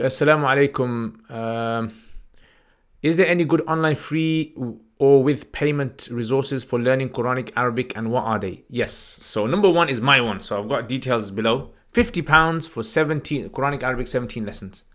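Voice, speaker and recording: A man's voice: medium pitch, fairly bright tone. A man hosts a livestream Q&A on religious questions. He reads out each viewer's name and question, then answers in a casual, unscripted way with fillers and restarts. He speaks into a desk microphone.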